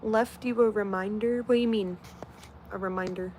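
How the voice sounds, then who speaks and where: A woman's voice: medium pitch, steady tone, normal speed, darkish tone, a little hiss or hum. A woman in her late twenties chatting casually on a livestream, reading out comments in a blunt, heavily profane way. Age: 20s.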